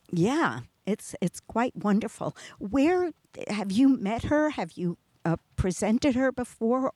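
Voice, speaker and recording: A woman's voice: mid-range voice, a little mellow, no echo. Chatty New York woman host. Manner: chatty, laughs often, restarts sentences. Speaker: radio show host. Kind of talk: casual interview chat.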